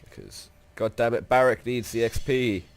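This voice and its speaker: A man's voice: mid-range voice, moderate pace, smooth, faint music behind. A young man with a stuffy, nasal voice from a cold, casually commenting on a game as he plays, rambling and swearing now and then. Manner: rambling, jokey, swears freely. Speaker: let's play host.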